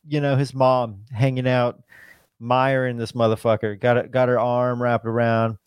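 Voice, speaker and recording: A man talking loosely on a podcast, his speech full of filler words and swearing, wandering from one point to the next. His voice sits in an ordinary middle pitch. It is picked up close and dry, with no room sound. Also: level tone, normal speed, clean tone, dry recording. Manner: rambling, heavy swearing, lots of "like" and "dude". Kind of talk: casual chat.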